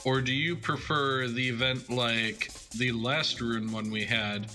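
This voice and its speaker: A man's voice: medium pitch, fairly even intonation, slow, pushed and bright, soft background music. A man co-hosting a casual gaming chat, joking and asking rambling questions. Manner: jokey, self-deprecating, asks long questions. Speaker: co-host.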